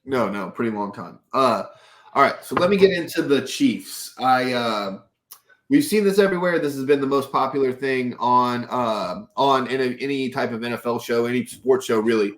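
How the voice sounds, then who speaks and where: A male podcast co-host in casual sports talk, ranting hard with heavy profanity. His voice sits at a middling pitch. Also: normal speed, a bit bright. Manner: heated, profanity-laden ranting.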